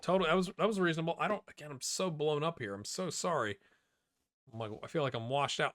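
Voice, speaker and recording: A man's voice: on the high side, fast, no echo. A man giving let's-play commentary on a football management game, talking straight to the players on screen and getting worked up. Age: middle-aged. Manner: excitable, talks to players on screen. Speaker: gaming YouTuber.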